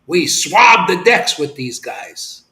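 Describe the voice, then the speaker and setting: In a low-quality, reverberant recording, a man speaks as a spiritual teacher giving an impassioned devotional sermon. His high voice swings widely in pitch as he goes slowly, alternating fervent near-shouts with hushed murmurs. He is emphatic and repetitive and now and then says "man" in a slangy way.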